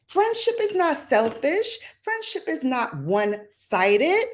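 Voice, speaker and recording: Slow, lively-pitched woman hosting a stream. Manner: animated, sassy, jumps to squeals. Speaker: livestream host. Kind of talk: casual livestream chat.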